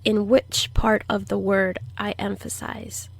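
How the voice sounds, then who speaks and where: A woman teaching a language lesson, who says each word slowly and clearly for learners to repeat and explains pronunciation patiently. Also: mid-range voice, flat delivery, dry recording. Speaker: Spanish teacher. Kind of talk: slow, deliberate language lesson.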